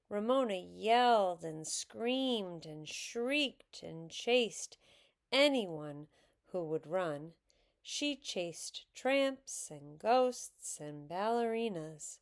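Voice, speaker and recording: A woman reading a children's book aloud in an expressive, unhurried way. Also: fairly low pitch. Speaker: reader.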